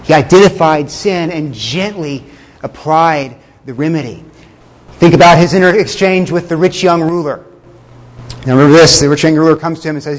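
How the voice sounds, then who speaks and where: A man preaching a sermon in a conversational way, with fillers, chuckles and slowed words for emphasis. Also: on the high side, in a large hall. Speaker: pastor.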